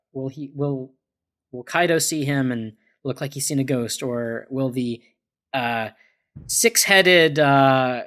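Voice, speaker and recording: A man speaking at a middling, ordinary pitch as a panelist on a casual discussion podcast. He works out his thoughts as he goes, hesitating often and restarting his sentences with plenty of fillers. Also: fairly bright tone. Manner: hesitant, thinks aloud with many fillers and restarts.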